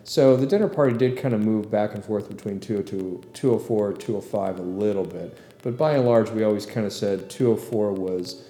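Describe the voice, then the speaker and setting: A middle-aged man hosting a casual commentary podcast, relaxed and rambling with plenty of fillers. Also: fairly low pitch, fairly quick, hardly any pauses, echoey room. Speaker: podcast host and producer.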